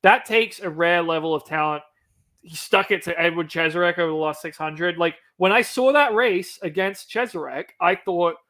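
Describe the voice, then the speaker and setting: Stat-reciting man with a higher voice. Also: normal speed, a bit bright. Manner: detail-heavy, stats-reciting analyst. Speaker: co-host. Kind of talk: casual recap chat.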